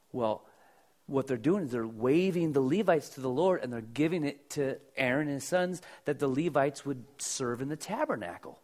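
A man's voice: mid-range voice, a little mellow. A middle-aged male pastor preaching a sermon, explaining scripture in a conversational, folksy way with asides to the congregation.

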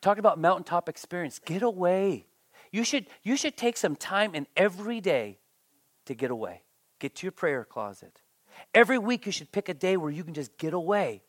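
A pastor preaching a sermon in an animated way, often repeating words and briefly acting out the people quoted. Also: mid-range voice, moderate pace, no room sound.

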